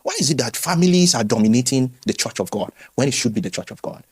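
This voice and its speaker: Animated, fast-talking man. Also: medium pitch, husky. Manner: animated storytelling, acts out quoted voices, frequent restarts. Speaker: former pastor, interview guest. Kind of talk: candid conversational interview.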